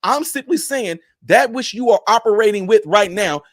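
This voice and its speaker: A man's voice: high voice, animated, normal speed, dry recording, clean studio sound. A man who is a minister, streaming and talking in a preachy, emphatic, repetitive cadence. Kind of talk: preachy livestream commentary.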